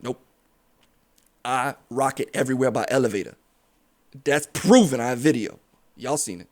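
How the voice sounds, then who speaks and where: A man's voice: medium pitch, moderate pace, close to an everyday voice. A man voicing a brash, insulting former small-town mayor who boasts and trash-talks. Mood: boastful. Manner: boastful, trash-talking, shouty.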